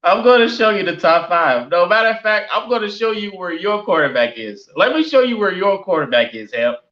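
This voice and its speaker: Exasperated man streamer, lively swinging pitch, roomy lo-fi stream mic. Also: fairly quick. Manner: exasperated, repetitive, incredulous. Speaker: sports streamer. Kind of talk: live-stream reaction rant. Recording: roomy, dull lo-fi stream audio.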